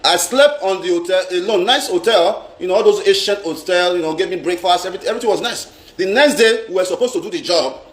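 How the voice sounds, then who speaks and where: Nigerian guy ranting live, keeps repeating himself, high voice, roomy echo. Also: fast, hardly any pauses. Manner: emphatic, repeats phrases, mixes in pidgin. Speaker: live-stream vlogger. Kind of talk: casual live-stream rant.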